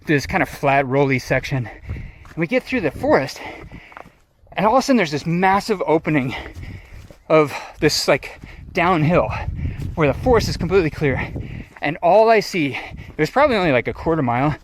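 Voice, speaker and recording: A middle-aged man telling a lively, casual story on an outdoor trail and acting out his friends' voices. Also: fairly high pitch, moderate pace, long pauses. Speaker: trail runner vlogger. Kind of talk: casual storytelling while running. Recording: noisy outdoor recording.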